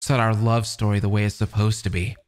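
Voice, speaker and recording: A man doing a smug, soft-spoken stalker boyfriend. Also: fairly low pitch, a little fast, pitched below the performer's own voice, natural voice. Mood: menacing. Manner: calm, smug, quietly menacing.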